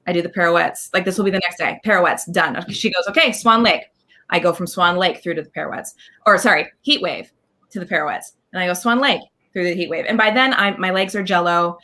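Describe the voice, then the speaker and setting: A woman guest talking in an animated, casual interview, scatting rhythms and acting out what others said. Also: on the low side, fairly quick. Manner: animated, scats dance counts, acts out quotes. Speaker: guest performer.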